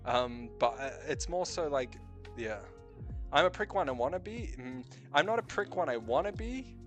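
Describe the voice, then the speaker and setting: A man's voice: medium pitch, animated, normal speed, faint music behind. A man from New Zealand with a light New Zealand accent, a streamer chatting casually in a rambling, self-correcting way with frequent swearing. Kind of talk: casual chat.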